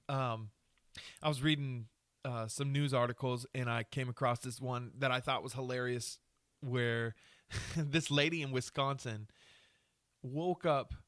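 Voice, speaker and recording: Here the podcast host is a man with a mid-range voice, captured in a dry, studio-quality recording. Alone on the mic, he goes on a crude, swear-heavy rant, mocking himself and laughing at his own jokes.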